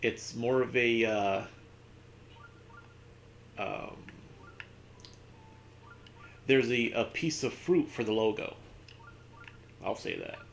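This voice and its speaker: A man's voice: mid-range voice, takes it slowly, gravelly, long pauses, slight background noise. A man streaming a video game, rambling through a casual anecdote with lots of fillers. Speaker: gaming streamer. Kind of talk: casual storytelling while playing.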